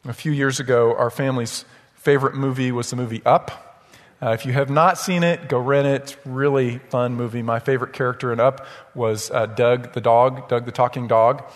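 A man's voice: medium pitch, fairly even intonation, moderate pace, big-room sound. A man preaching a sermon as pastor, emphatic and often checking in with the congregation. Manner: emphatic, repeats "right?" to the congregation. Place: church sanctuary.

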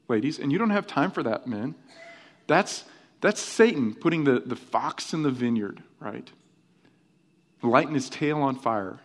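A middle-aged male pastor delivers a lively, conversational sermon. His voice sits at an ordinary pitch, and he keeps checking in with the congregation through quick rhetorical asides. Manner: animated, conversational, rhetorical "right?" tags.

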